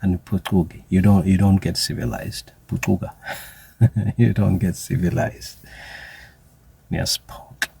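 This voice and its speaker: A man speaks slowly in a very deep, gravelly voice with a dark, husky tone. He talks with deliberate weight and slips into drawn-out, mocking asides. The sound is close and dry. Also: flat delivery, no echo. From South Africa. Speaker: commentator. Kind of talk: spoken social commentary monologue.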